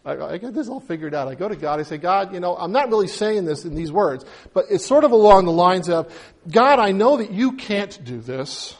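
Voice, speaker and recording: A man's voice: sits high, animated, quick pace, few pauses. A male pastor giving a sermon in a conversational way, now and then acting out little dialogues.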